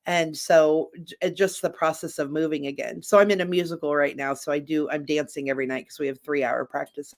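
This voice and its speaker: A man's voice: on the high side, steady tone, brisk, creaky, few pauses. A man speaking as a guest in a candid, casual chat, rambling with frequent restarts.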